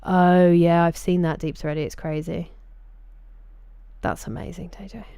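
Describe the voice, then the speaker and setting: Low, mellow Sussex woman streaming. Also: fairly even intonation, a little slow, gravelly, clean tone, no room sound, clean studio sound. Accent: Sussex English. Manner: chatty, greets viewers by name. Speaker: game streamer. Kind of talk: casual live-stream chat.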